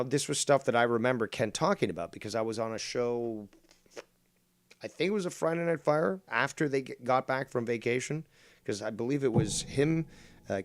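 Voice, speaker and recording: A man hosting a drama commentary stream, rambling and sarcastic with frequent swearing. His voice sits at a middling pitch and sounds dry and close, with no room around it. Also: no room sound. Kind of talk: casual commentary on a clip.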